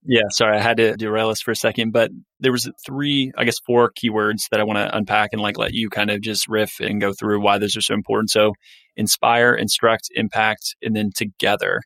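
A man hosting an interview podcast, asking his questions in a relaxed, friendly way. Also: lowish voice, fairly quick, no room sound. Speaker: podcast host. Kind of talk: conversational interview.

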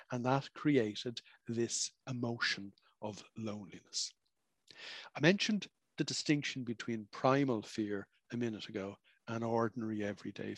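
A middle-aged man who practices as a psychologist reflects on emotions in a conversational, explanatory way, using vivid examples and asides. His voice is mid-range and the recording is dry.

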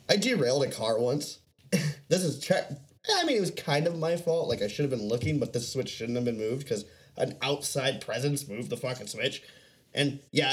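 A young man telling rambling, profane stories in casual chat, laughing often. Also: mid-range voice.

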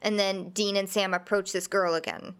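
A woman's voice: medium pitch, fairly even intonation, moderate pace, a bit bright, clean tone. A woman co-hosting a podcast, casually retelling the scenes of a TV episode step by step. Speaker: podcast co-host. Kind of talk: casual chat recapping a TV episode.

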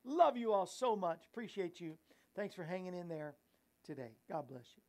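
A man's voice: sits high, animated, normal speed, dark tone, faint music behind. Rambling, giggly man. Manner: rambling, giggly, self-mocking; preachy exhortation. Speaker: host and evangelist. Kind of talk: casual Christian talk show chat.

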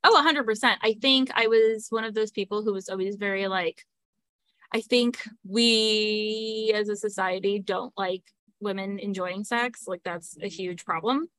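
A woman's voice: mid-range voice, measured pace, fairly bright tone, dry recording. A woman, a guest on a podcast, talking at length with many fillers. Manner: talkative, fillers, laughs between points. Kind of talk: casual chat.

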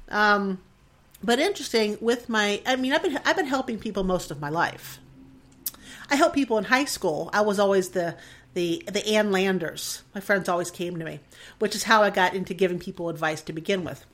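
A woman's voice: medium pitch, fairly bright tone. A woman in her forties talks alone into her podcast mic. Her talk rambles, emotional and self-deprecating, and she keeps laughing at herself. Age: 40s. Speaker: podcast host. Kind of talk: solo podcast monologue. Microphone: desk mic in front of a screen.

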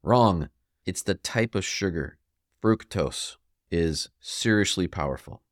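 A man's voice: sits low, lively intonation, takes it slowly, dry recording, studio quality. A man hosting a solo health podcast, talking emphatically and scolding the listener, now and then mimicking what people think. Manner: mimics listeners in quoted asides. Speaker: podcast host.

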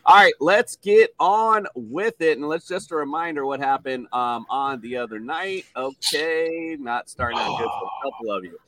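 A man's voice: mid-range voice, moderate pace, few pauses, slight background noise. A man hosting a sports picks show, reading stats and playfully calling on each panelist. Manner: animated, playful, reads stats then asks panel.

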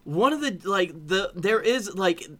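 A man's voice: high voice, lively intonation, unhurried. A man from Alabama, co-hosting a comedy podcast with wry jokes. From Alabama, USA. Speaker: podcast co-host. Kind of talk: casual comedic chat.

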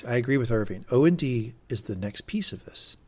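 A man co-hosting a podcast, recapping an episode in casual, animated chat and swearing freely. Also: mid-range voice, fairly quick. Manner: animated, reads out quotes with swearing and laughs. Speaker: podcast co-host.

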